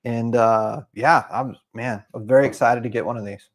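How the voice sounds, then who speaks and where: A man's voice: medium pitch, steady tone, moderate pace. A man from the Houston area, a guest on a livestream, talking eagerly and loosely with plenty of fillers. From Houston area, United States. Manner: enthusiastic, explains bottles with many fillers. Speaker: guest whiskey collector. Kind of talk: casual livestream chat.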